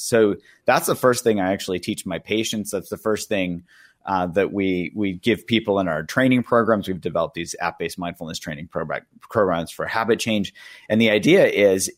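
A middle-aged man speaks as a psychiatrist guest on a radio call-in show, his voice sitting a little low. He explains in an easy, conversational way, peppered with fillers and the odd chuckle. The sound is close and dry, with no room in it. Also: dry recording. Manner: conversational, many "you know" fillers, occasional chuckles.

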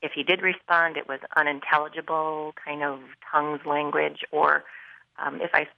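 A middle-aged woman calling a radio show, concerned and explaining in detail with many pauses. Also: low-pitched, level tone, vocal fry, no room sound. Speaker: caller. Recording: dull phone line.

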